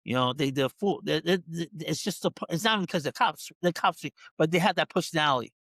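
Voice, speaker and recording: A dog trainer on a podcast tells a casual story a little fast, his voice on the high side, animated and fairly bright. He acts out other people's lines, stumbling into frequent restarts and repeated words. The recording is dry.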